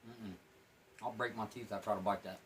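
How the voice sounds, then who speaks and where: A man's voice: lowish voice, steady tone, fairly quick, slight background noise, low-quality recording. A plain-spoken man giving a casual, rambling food review while eating and smoking, sometimes talking with his mouth full. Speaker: MRE reviewer.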